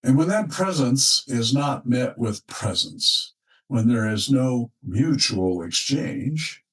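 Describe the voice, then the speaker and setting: Guy counselor talking slow and thoughtful, lots of pauses, mid-pitched voice, mic sits a bit far off. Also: expressive, a bit bright. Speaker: relationship counselor. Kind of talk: reflective spoken monologue.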